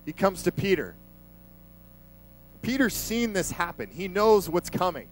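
Male preacher, conversational sermon, emphatic, slightly high, faint hum. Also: big pitch swings, unhurried, low-quality recording. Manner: conversational, emphatic, vivid retelling.

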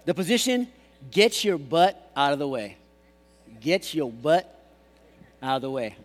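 A man preaching a sermon as pastor, animated and jokey, mimicking voices. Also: on the high side, a little slow. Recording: long hall reverb.

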